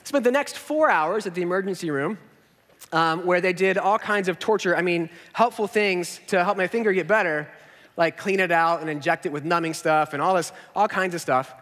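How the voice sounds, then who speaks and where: A man in his thirties, a pastor telling a story in a sermon, self-mocking and animated, acting out what people said. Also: high voice, moderate pace. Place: large church auditorium. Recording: hall reverb.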